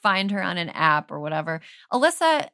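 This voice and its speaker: Lively, teasing woman host. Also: on the low side, brisk, smooth, no echo, clean studio sound. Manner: playful, teasing questions. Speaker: podcast host. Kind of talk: casual chat.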